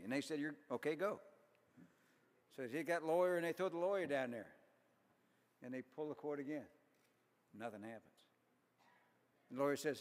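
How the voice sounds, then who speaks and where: A man's voice: a little high, fairly quick, pauses often. A middle-aged man telling folksy, self-deprecating jokes as an after-dinner speaker at a banquet. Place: large banquet hall. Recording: long hall reverb.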